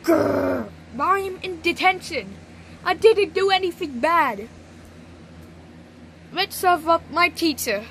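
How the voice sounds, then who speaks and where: A computer voice of a woman doing a stern cartoon authority woman who scolds in stiff, repetitive bursts. The voice sits high and the delivery is slow and unhurried. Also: expressive, creaky, fairly bright tone, slight background noise, full character voice. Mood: scolding. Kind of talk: text-to-speech cartoon voices.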